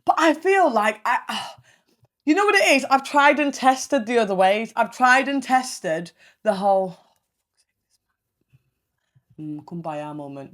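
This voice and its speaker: A young woman, hosting a casual solo podcast, blunt and animated, swearing freely as she tells stories. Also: medium pitch, a little slow, long pauses. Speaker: podcast host.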